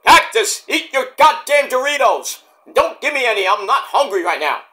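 A man's voice: extremely high pitch, sing-song, moderate pace, bright, forceful tone, pitched above the performer's own voice, exaggerated voice. A man putting on an irritable, bossy male character who scolds his friend. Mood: scolding. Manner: impatient, scolding.

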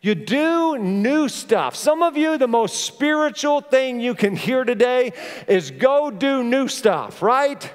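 A middle-aged man preaching a sermon to a church congregation, telling stories in an animated way and putting direct questions to his listeners. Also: extremely high pitch, slow. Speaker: pastor. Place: large church auditorium. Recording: long hall reverb of a church auditorium.

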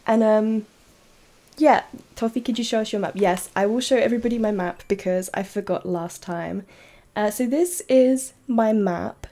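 A woman streaming a game live, chatting casually and giggling, with bursts of excited squeals. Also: medium pitch, moderate pace. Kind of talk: casual live-stream chat while playing.

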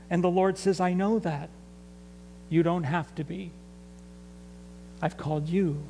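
A man with a high voice gives a sermon in a church sanctuary, taking his time and drawing the congregation in with questions. A faint electrical hum sits under the recording. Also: darkish tone, low-quality recording. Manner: conversational preaching, asks the congregation to respond. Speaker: pastor.

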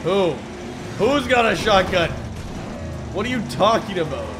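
Give me an excitable, sarcastic male gaming host with a high voice. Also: measured pace, music in the background. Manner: excitable, sarcastic, shouts at the game. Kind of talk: let's play commentary.

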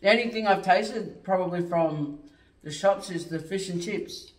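A man chatting casually on a mukbang, laid-back and savoring the food with drawn-out murmurs. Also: high voice. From born in New Zealand, raised in Australia. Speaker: mukbang co-host. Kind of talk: casual chat while eating. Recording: roomy echo, mic far off.

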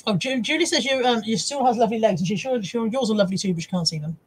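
A woman's voice: fairly high pitch, very fast, breathy edge, poor audio. A woman co-hosting a casual live stream, chatty and giggly, reading viewer comments aloud. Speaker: livestream co-host reading chat comments. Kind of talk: casual chat.

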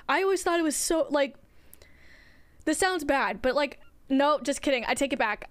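Chatty young woman streamer, high voice. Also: no room sound. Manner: rambling, chatty, swears often, talks to chat. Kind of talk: casual gameplay chat with viewers.

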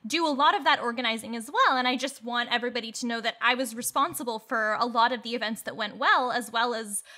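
A woman's voice: a little high, fast talker. A woman voicing a poised student running for president, composed and persuasive, in tabletop role-play. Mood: assured. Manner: composed, persuasive, with soft hesitations. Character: poised student election candidate, smooth and self-assured.

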